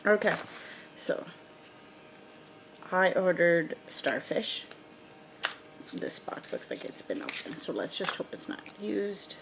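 A woman's voice: fairly low pitch, sing-song, takes it slowly, gravelly, pauses often, noisy background. A woman beauty vlogger chatting casually while unboxing, thinking aloud with lots of ums.

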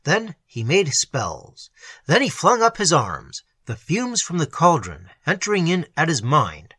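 Male storyteller, husky and bright, dry close sound, dramatic reading. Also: a little high, wildly swooping pitch, a little slow, dry recording. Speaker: narrator.

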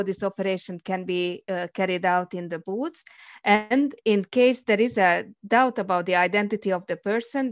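A woman speaks as an on a conference panel, choosing her words carefully and pausing on frequent fillers. Her voice sits in an ordinary middle pitch. The sound is dry and a little muffled, as on a video call. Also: no echo. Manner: careful, hesitant, many fillers.

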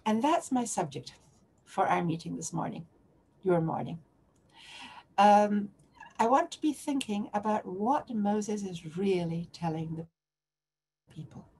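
Brief: woman lecturer, searching and questioning delivery, mid pitch, faint room hiss, online class. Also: animated, a little slow, long pauses, a little mellow. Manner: searching, questioning, many restarts. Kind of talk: lecture on biblical text. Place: online lecture to remote audience.

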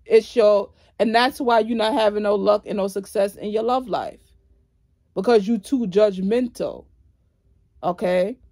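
A woman's voice: mid-range voice, measured pace, mellow. Woman vlogger, indignant and sassy, casual storytime rant delivered straight to the camera.

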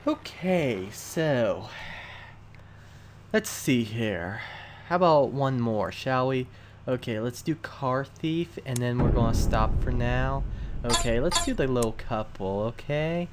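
A man's voice: mid-range voice, slow pace, long pauses, slight background noise. A man giving goofy, rambling commentary while playing a video game. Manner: goofy, rambling with playful outbursts. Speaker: gaming channel host. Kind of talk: let's play commentary.

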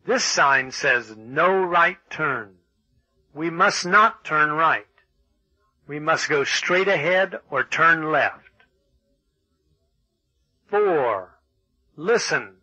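A man reads textbook exercises in a measured, announcing way. His voice is very bright with a husky edge, and he speaks slowly. The recording is dry and close. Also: a little high, animated, dry recording, highs cut off. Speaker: textbook audio reader. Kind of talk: scripted textbook narration.

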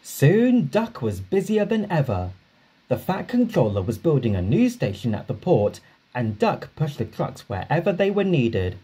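A man narrating a children's storybook, reading aloud slowly and expressively. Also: on the high side, husky. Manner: slow, expressive read-aloud.

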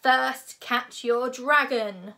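A woman voicing a huge, loud male Viking drill instructor who barks orders, as a storybook reading. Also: a little high, unhurried. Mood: bellowing. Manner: bellowing, commanding.

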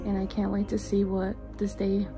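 A woman's voice: mid-range voice, monotone, normal speed. A woman in her twenties chatting casually to her viewers in a vlog, full of fillers. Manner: chatty, filler-heavy, talks straight to viewers. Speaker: vlogger. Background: background music.

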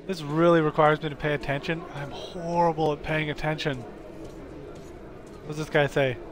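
A man's voice: fairly high pitch, little pitch movement, normal speed, crowd noise. A man casually commenting while he plays a game live, joking and talking to the characters on screen. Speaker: streamer playing a game.

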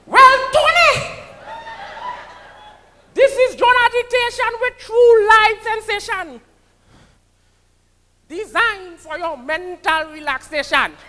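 A man doing an impression of a brash male comedian, with a Trinidadian accent and sing-song, shouted punchlines. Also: extremely high pitch, takes it slowly, long pauses, pitched above the performer's own voice, exaggerated voice. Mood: boisterous. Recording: live stage with long hall reverb.

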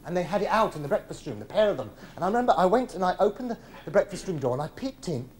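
A man tells stories to a live theatre audience in a chatty, teasing way, picked up on a clip-on mic. His pitch rises and falls a lot. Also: sing-song, racing. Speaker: solo stage performer. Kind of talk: one-man comedy show storytelling. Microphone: clip-on body mic.

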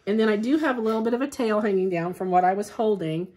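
A woman's voice: medium pitch, fast talker, warm tone. A woman teaching a hand-sewing class, chatty and homespun, talking through each step as she works. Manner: chatty, homespun, thinks aloud while working. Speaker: quilting teacher. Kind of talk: hands-on sewing demonstration.

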